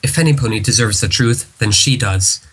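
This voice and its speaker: A man reading a regal female pony princess from a comic aloud, in a halting way. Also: on the low side, a bit bright, slight background noise, natural voice. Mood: earnest. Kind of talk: casual comic read-along.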